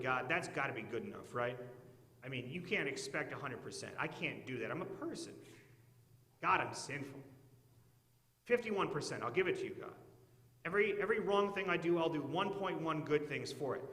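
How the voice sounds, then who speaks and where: An anxious everyday man haggles with God, full of pleading, wheedling questions that climb upward at the end, as a pastor puts him on. His voice is bright and sits a little high. It rings out through a large, echoey church hall. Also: lively intonation, fairly quick. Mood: bargaining.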